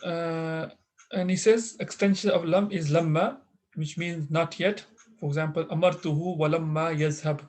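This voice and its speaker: A man teaching an online Arabic class, explaining grammar patiently with many pauses, fillers and restarts over a video call. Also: on the high side, steady tone, a little mellow.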